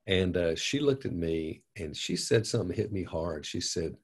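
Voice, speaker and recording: Gravelly older man, earnest storyteller. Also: low-pitched, expressive, moderate pace, hardly any pauses. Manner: earnest, folksy, many fillers and restarts. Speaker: pastor. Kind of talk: conversational storytelling.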